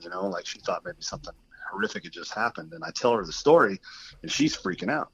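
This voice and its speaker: A man's voice: low-pitched, sing-song, fast talker, creaky, fairly bright tone, lo-fi sound, a little hiss or hum. A man on a podcast telling a long personal story in casual chat, rambling with lots of fillers and acting out the people he quotes. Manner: rambling, filler-heavy, acts out quoted voices. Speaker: podcast guest.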